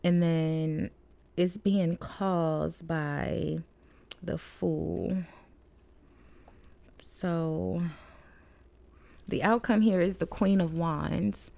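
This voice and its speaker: A woman's voice: fairly low pitch, steady tone, drawn-out words, gravelly, pauses often, dark tone, no echo. A woman tarot reader, chatty and rambling with frequent laughs, giving a casual reading at home. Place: home room with balcony door shut.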